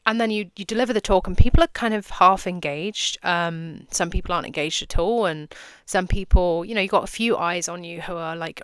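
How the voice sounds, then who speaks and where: A woman's voice: on the low side, brisk, clean tone, dry recording, studio quality. A young adult woman hosting a casual solo podcast as a coach, chatty, laughing often, swearing freely and acting out little scenes as she explains. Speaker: podcast host and business coach.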